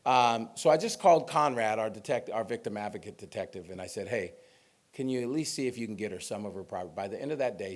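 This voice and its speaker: A middle-aged man from Sacramento, a police chief, telling personal stories in an informal, conversational speech to an audience. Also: fairly low pitch. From Sacramento, California. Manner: storytelling, conversational with fillers and asides. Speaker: police chief giving a talk.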